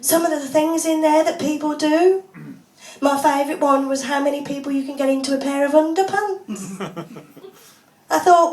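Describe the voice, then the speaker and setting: A woman doing a stand-up comedy set of deadpan one-liners, laughing often. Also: sits high, normal speed. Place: small pub comedy club, audience laughing. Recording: echoey room, voice from far off.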